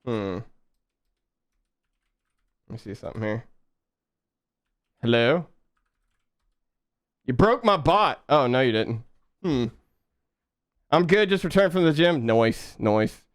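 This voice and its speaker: A young man chatting casually with his viewers while coding on a live stream, relaxed and quick to laugh. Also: on the high side, dry recording, studio quality. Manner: laid-back, chatty, laughs often, talks to chat.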